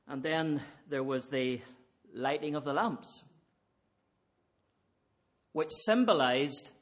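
Slow, earnest male preacher. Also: on the high side. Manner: earnest, emphatic, repeats rhetorical questions. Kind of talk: evening sermon.

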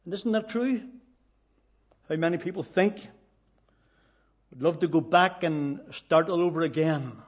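A man's voice: a little high, a little slow, long pauses, husky. A man delivers a sermon. He speaks earnestly and often repeats his phrases for emphasis. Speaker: preacher.

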